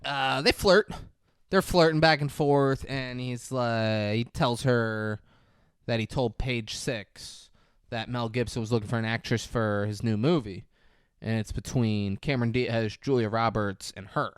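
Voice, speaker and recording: A man's voice: medium pitch, a little slow, clear, resonant tone, dry recording, clean studio sound. A man co-hosting a podcast, retelling a movie in casual chat and acting out the characters' lines with plenty of swearing. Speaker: podcast co-host. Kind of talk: casual film recap chat.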